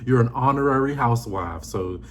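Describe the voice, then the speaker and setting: Sassy male recap host, lively pitch, faint hiss behind him. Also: brisk. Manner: animated, sassy, acts out quotes in high voices. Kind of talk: casual recap vlog. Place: indoors, seated on a squeaky chair.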